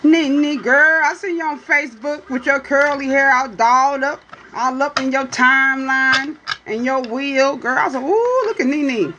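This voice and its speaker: In casual livestream chat, a high-voiced woman reads for her viewers, teasing them playfully and repeatedly asking "you hear me?" She drawls at a measured pace and swoops into high exclamations, while the audio has its highs cut off and a noisy background.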